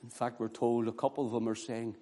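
A man preaching an impassioned sermon, swinging from loud exclamations to hushed near-whispers. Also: mid-range voice, little pitch movement, brisk. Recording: echoey hall reverb.

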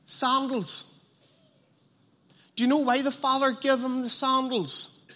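A man preaching an evangelistic sermon, passionate and blunt, dropping to a hush and then rising loud, with colloquial asides. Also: extremely high pitch, flat delivery, takes it slowly. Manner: passionate, swings from hushed to loud.

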